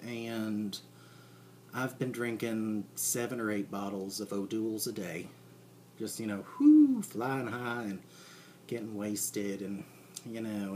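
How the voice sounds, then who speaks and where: A man delivering a rambling deadpan comic monologue, halting and full of fillers and restarts. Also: lowish voice, a little hiss or hum. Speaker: comedic character monologue.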